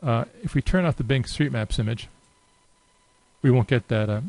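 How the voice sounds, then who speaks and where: A man presenting a software demonstration, talking casually and unhurriedly with frequent filler pauses as he walks through the screen. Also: medium pitch, lively intonation, no echo, rough recording. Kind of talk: unscripted screen-share walkthrough.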